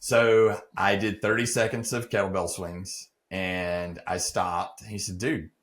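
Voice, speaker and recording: A man's voice: low-pitched, flat delivery, slow, a bit bright. A middle-aged man earnestly telling a personal story as a podcast guest, acting out the dialogue he quotes.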